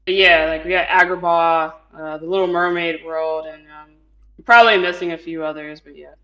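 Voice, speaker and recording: A man's voice: on the high side, steady tone, moderate pace, bright, forceful tone, dull audio, faint music behind. A man chatting casually as a podcast co-host, rambling with many fillers and frequent laughs. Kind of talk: casual chat.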